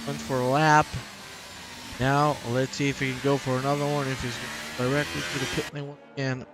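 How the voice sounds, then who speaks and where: A man's voice: mid-range voice, brisk. A man giving live, joking commentary on a sim race and talking to his viewers. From Manchester. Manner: excitable, joking, chats with co-host and chat. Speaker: sim racing league commentator. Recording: background race car engine noise.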